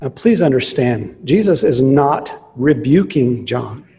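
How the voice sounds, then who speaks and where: A man preaching a sermon, earnest and emphatic, slowing down on key phrases. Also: mid-range voice, lively intonation, creaky, mellow. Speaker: pastor. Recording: long reverb of a large hall.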